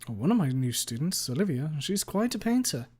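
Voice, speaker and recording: A charming, easygoing teacher from a visual novel, as a male narrator voices him. He speaks smoothly and genially, a little above the reader's usual pitch. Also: very animated, moderate pace, darkish tone. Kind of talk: visual novel read aloud.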